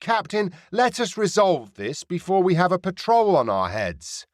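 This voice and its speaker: A man's voice: high-pitched, very animated, a little slow, dry recording, studio quality, pitched above the performer's own voice. A man voicing a sardonic grey-haired woman pirate captain. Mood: brusque. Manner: mocking, commanding. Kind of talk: audiobook character voice.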